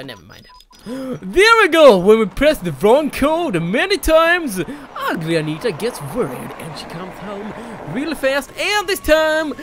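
A young adult gamer with a Swedish accent, giving giggly, shouty commentary while playing and talking to the game characters. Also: medium pitch. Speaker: let's play gamer. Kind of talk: excited gameplay commentary.

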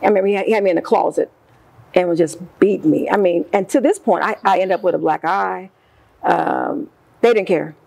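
A middle-aged woman tells her own story as an interview guest. Her voice is gravelly and a little husky. She talks in an emotional, animated way and acts out the lines other people said. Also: lowish voice, a little fast, low-quality recording.

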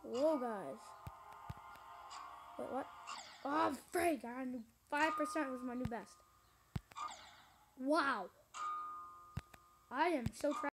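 A woman's voice: high voice, takes it slowly, long pauses, rough recording. A young woman giving gameplay commentary, frustrated and exclamatory, talking to her viewers. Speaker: gaming YouTuber. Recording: game music playing loudly. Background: loud game music.

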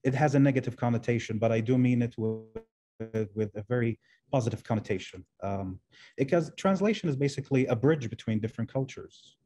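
A translation professor from the Arab world, whose first language is Arabic, is the guest in an interview. He speaks thoughtfully in a medium-pitched, mellow voice at a brisk pace, often repeating words while searching for the right phrasing.

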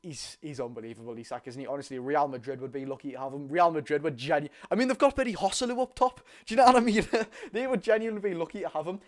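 Young Geordie man, live-stream host, lively and chatty, fairly high voice, casual swearing. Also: fast talker, few pauses. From North East England. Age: young adult. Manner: animated, chatty, swears casually, addresses viewers directly. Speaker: football fan YouTuber hosting a live watchalong.

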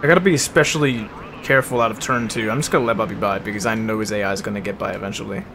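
A young man giving casual commentary while playing a racing game, full of bro and swearing, sometimes flaring into loud angry rants. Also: lowish voice, steady tone, racing, background noise. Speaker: gaming video host.

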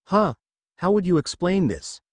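A man's voice: high voice, sing-song, measured pace, no echo, studio quality, pitched above the performer's own voice, exaggerated voice. A man voicing a cruel, scheming male ninja who addresses a mob, in a fan fiction reading.

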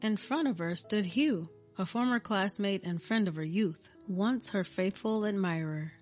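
A woman reading a scripted story in a steady, even narration. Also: medium pitch, unhurried. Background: faint music.

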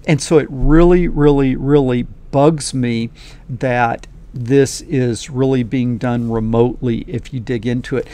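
A man's voice: mid-range voice, steady tone, measured pace, mellow, clean tone. A man teaching a coding lesson in a casual, folksy, enthusiastic way, talking straight to his viewers. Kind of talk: casual screen-recorded lesson.

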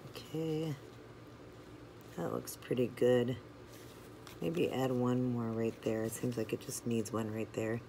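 A nail art channel host talking viewers through each step of a toe design while working, chatty and relaxed, sometimes drifting away from the mic. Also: mid-range voice, slow, gravelly, pauses often, slight background noise. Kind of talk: step-by-step craft tutorial.

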